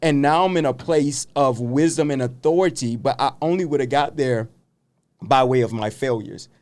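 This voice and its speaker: A man's voice: mid-range voice, moderate pace, darkish tone. Earnest motivational man, business coach. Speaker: pastor. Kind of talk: casual interview.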